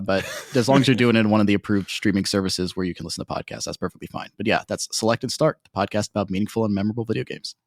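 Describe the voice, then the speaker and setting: A man runs through his podcast plug quickly in a polished, deadpan way. His voice is lowish and closely miked in a dry room. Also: no echo. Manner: polished, plug-style delivery with deadpan jokes. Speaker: podcast guest, host of his own show. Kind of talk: casual podcast self-introduction.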